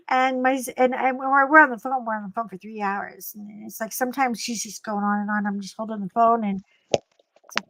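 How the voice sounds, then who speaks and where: A woman guest in casual chat, telling lively stories and acting out other people's lines. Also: a little high, moderate pace, creaky. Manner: animated storyteller, acts out quotes.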